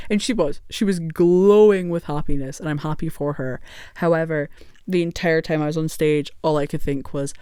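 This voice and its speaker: A woman's voice: low-pitched, steady tone, moderate pace, darkish tone, clear, resonant tone, no room sound, clean studio sound. A woman telling a story to camera in a casual, rambling way, swearing freely and laughing often.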